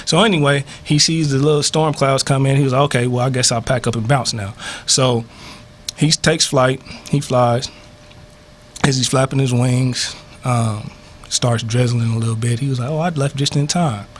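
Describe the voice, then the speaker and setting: A man's voice: medium pitch, steady tone, moderate pace. A man co-hosting a talk radio show, telling a story in a laid-back, slangy way and acting out voices. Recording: faint background noise.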